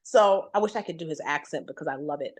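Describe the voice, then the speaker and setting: A woman guest telling a long career story in a conversation, acting out what others said to her with big jumps in pitch. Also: fast talker. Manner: animated, acts out quoted voices with big pitch jumps.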